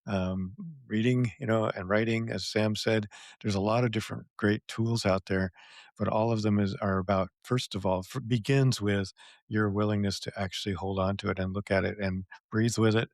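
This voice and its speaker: A man's voice: lowish voice, steady tone, normal speed, no echo, studio quality. A man hosting a casual conversation, speaking in an earnest, reflective way. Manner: reflective, earnest, many fillers. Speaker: podcast host.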